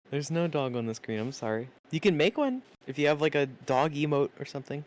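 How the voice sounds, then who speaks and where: A male streamer chatting casually with his viewers, reading out chat and swearing often. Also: a little high. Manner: lively, swearing, laughing, reads chat aloud.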